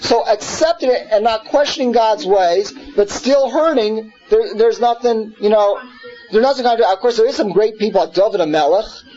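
A man's voice: sits high, normal speed, darkish tone, lo-fi sound. A man teaching a scripture class in an earnest way, repeating words and putting questions to his listeners. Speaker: Torah teacher.

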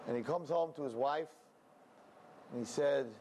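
A man preaching by telling a story, animated and acting out the characters' voices. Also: on the high side, normal speed, long pauses, husky. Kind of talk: sermon storytelling.

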